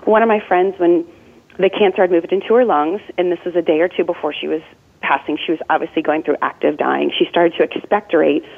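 A woman's voice: on the low side, breathy edge. Earnest woman on a tinny phone line. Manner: earnest, chatty, with many "like"s. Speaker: death doula and nurse. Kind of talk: conversational interview answers.

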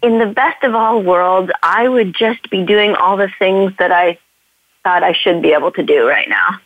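A woman taking part in a coaching session, speaking in a halting, hesitant and emotionally raw way over a tinny phone line. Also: mid-range voice, dry recording. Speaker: session participant.

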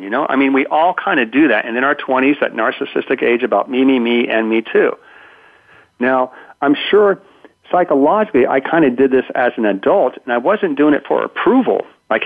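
This is a man in his 50s with a mid-range, lively voice and a brisk pace. He's being interviewed conversationally by phone, and the line sounds tinny as he recounts stories, acting out what people said and restarting often with stammers.

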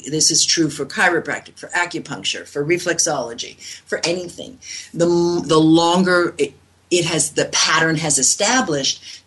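A woman's voice: low-pitched, fairly bright tone, breathy edge. A woman in her sixties from New York, a reflexologist telling stories in an interview, rambling with many fillers and restarts. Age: 60s. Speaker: guest reflexologist. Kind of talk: interview answers.

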